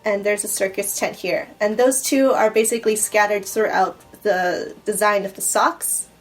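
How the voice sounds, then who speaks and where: A woman unboxing gifts in a casual vlog, gushing and excitable, often breathless with delight. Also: medium pitch, moderate pace, faint music behind, low-quality recording. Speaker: YouTuber unboxing a gift box. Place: home in Japan.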